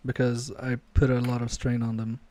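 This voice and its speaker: Man, live repair commentary, self-deprecating asides, warm low tone. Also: completely flat delivery, moderate pace. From Poland. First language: Polish. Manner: muttering asides while working, self-deprecating. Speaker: repair streamer.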